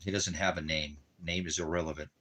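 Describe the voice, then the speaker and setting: A deep-voiced man with fairly even intonation and a fairly bright tone talks briskly at his home in the desert. He rambles and repeats himself, coos to his dog, and drifts into preachy religious talk.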